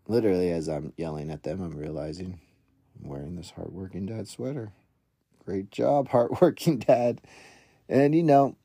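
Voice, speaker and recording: Low gravelly-voiced man telling a story. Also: warm tone, no echo, studio quality. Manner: rambling, self-deprecating, many fillers and restarts. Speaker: biblical parenting coach. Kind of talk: casual solo podcast storytelling.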